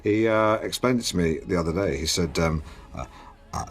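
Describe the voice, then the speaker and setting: A man's voice: deep voice, normal speed. Pompous stammering male radio host. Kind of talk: comedic radio show chat. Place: radio studio.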